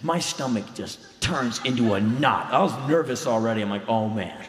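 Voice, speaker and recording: A man's voice: mid-range voice, lively intonation, moderate pace, background noise. A middle-aged man telling a true story in a blunt, intense, profane way as a live spoken word performance. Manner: intense, blunt and profane, bursts into loud shouts. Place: live stage in a large hall. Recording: roomy hall reverb from live stage.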